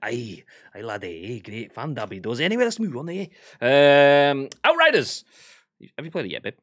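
A young man chats casually on a gaming podcast, cracking jokes and laughing easily. His pitch swings in an animated way, and the sound is dry and close. He swears now and then without any edge. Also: a little fast, dry recording. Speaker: podcast co-host. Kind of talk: casual chat.

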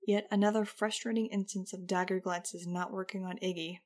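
A woman's voice: mid-range voice, fairly even intonation, brisk, hardly any pauses, darkish tone. Wry woman reading an audiobook. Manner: wry, conversational. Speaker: audiobook narrator. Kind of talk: first-person audiobook narration.

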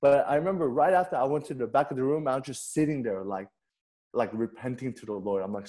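Preaching fast and conversationally, as if among friends, a young pastor weaves personal stories into his sermon. His voice is warm and mellow at a middle pitch, and he frequently stumbles and repeats words as sentences begin.

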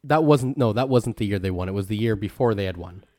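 A man in casual chat, laid-back and quick with short quips. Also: lowish voice, expressive, a little mellow, dry recording, clean studio sound.

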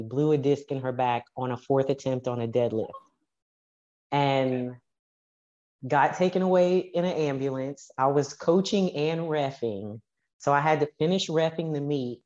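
A woman coach tells her stories with lots of energy, slipping into the voices of the people she talks about. Her voice sits very low, and the recording sounds a little dull and muffled. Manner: animated, acts out quoted dialogue. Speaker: powerlifting coach and guest. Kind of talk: casual storytelling interview.

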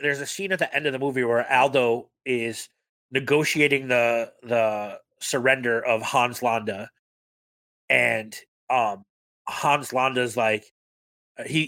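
A man's voice: mid-range voice, steady tone, a little slow, bright, forceful tone, no echo. Enthusiastic profane man chatting about films. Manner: enthusiastic, profane, quotes scenes in put-on voices. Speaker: podcast co-host. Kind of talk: casual film chat.

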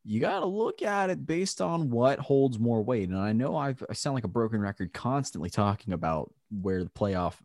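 A man's voice: mid-range voice, expressive, moderate pace, hardly any pauses, darkish tone, no room sound, clean studio sound. A man on a sports talk panel, hesitant and full of ums, but eager about his picks. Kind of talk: casual sports chat.

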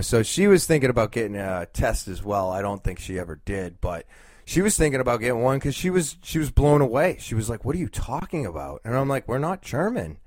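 A man's voice: fairly low pitch, no echo, studio quality. A man in his thirties hosting a podcast, talking casually with lots of fillers and restarts. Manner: rambling, many fillers and restarts. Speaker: podcast host.

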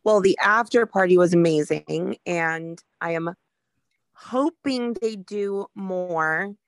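A young adult woman co-hosting a podcast, chatting in a relaxed, easygoing way. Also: lowish voice, slow, dry recording. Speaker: podcast co-host. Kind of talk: casual podcast chat.

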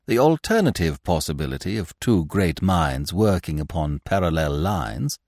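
A man voicing a clever young gentleman who answers with cool, unruffled irony. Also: mid-range voice, wildly swooping pitch, moderate pace, no room sound, clean studio sound, pitched above the performer's own voice. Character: clever young man, bland and quick-witted.

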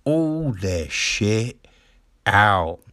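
A man hosts his own show in a loose, rambling monologue, swearing and breaking into laughter. His pitch swings widely while he takes his time with the words. The sound is dry and close. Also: very animated, very slow, bright, forceful tone, no room sound. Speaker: show host. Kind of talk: casual monologue.

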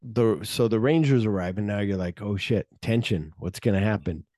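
A man's voice: fairly low pitch, normal speed, darkish tone, dry recording, studio quality. A man co-hosting a casual movie podcast, retelling scenes animatedly and swearing freely. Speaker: podcast co-host.

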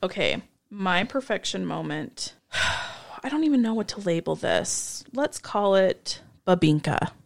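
A woman's voice: mid-range voice, a little slow, vocal fry, no echo. A woman co-hosting a podcast, casually retelling a movie scene and acting out the characters' lines. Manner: animated retelling with quoted dialogue. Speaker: podcast co-host. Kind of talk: casual chat recapping a movie.

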